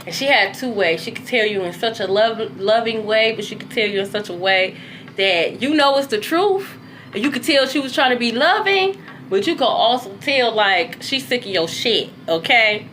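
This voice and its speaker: A woman who makes spiritual content speaks in a casual, animated monologue, cursing freely as her voice swings between low and high tones. She talks at a normal speed, with slight background noise in the recording.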